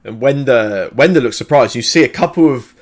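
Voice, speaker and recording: A man's voice: medium pitch, lively intonation, a little fast. A man narrating a tabletop game as game master, in a hesitant way with many restarts.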